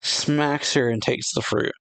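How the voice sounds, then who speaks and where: A man's voice: medium pitch, steady tone, a little slow, fairly bright tone, clear, resonant tone. A man hosting a casual reaction to a comic chapter, reading the panels aloud and narrating them loosely, with frequent chuckles and fillers. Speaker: reaction channel host.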